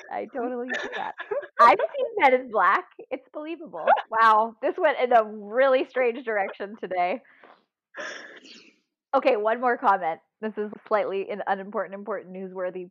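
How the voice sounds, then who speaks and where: A woman's voice: mid-range voice, dull audio. A woman co-hosting a podcast, telling stories in a casual chat with lots of laughter. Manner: animated storytelling, laughs often. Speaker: podcast co-host.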